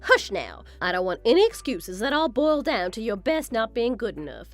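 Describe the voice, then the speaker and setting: A woman's voice: on the high side, big pitch swings, normal speed, faint music behind. A woman voicing a vain, scornful mother-in-law in a scripted text-story drama, talking down to her daughter-in-law. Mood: dismissive. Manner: condescending, self-admiring.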